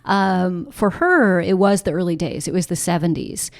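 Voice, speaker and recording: Author guest, woman, middle-aged, low voice, reflective and unhurried with fillers. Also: expressive. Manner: thoughtful, many fillers and restarts. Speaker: author and journalist, podcast guest. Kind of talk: conversational interview.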